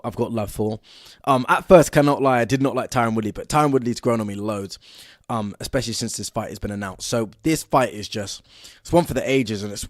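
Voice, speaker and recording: A young man from the south of England with a southern English accent, talking solo as a podcast host in an excitable, energetic way, with frequent fillers. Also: mid-range voice, dry recording, clean studio sound.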